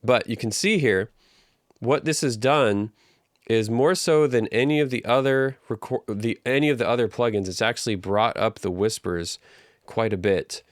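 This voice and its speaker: Guy teaching audio stuff, chill and chatty, smooth clean voice, bone dry mic. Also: medium pitch, moderate pace, no echo. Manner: relaxed, conversational, walks through steps. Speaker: audio engineering instructor. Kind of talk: casual tutorial explanation. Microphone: studio microphone through live compression.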